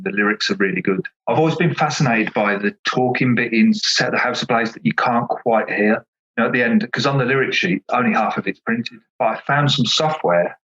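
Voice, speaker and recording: A man's voice: medium pitch, fairly bright tone, dull audio. A man, an author being interviewed, chatting casually and enthusiastically, rambling with lots of "you know" fillers. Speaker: author and podcast guest.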